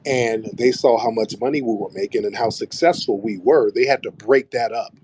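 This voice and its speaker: A man's voice: mid-range voice, normal speed, darkish tone, a little hiss or hum. A man hosting his own radio show, lecturing the audience in an emphatic monologue and repeating phrases to drive points home. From United States.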